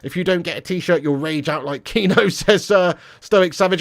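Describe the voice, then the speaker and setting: A man hosting a football fan livestream, reading viewer comments with excitable, teasing banter. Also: a little high, moderate pace. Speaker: football fan channel streamer. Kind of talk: live stream chat, reading viewer comments.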